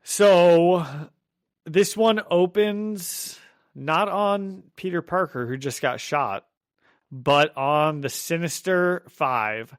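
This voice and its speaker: Brief: lively podcast host, man, slightly high voice, dry close mic. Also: drawn-out words, clear, resonant tone, no room sound. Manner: animated, laughs often, acts out quotes. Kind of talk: casual comic book podcast chat.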